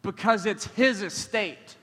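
Passionate preacher in an echoey hall. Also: male voice, high voice, slow, bright, forceful tone. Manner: passionate, with frequent surges in volume. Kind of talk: sermon.

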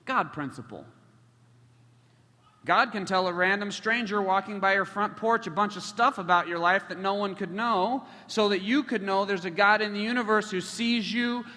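Preacher, male, higher bright voice, lively and joking with the crowd, heard in a hall. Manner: animated, joking with the congregation. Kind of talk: sermon storytelling. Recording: long hall reverb.

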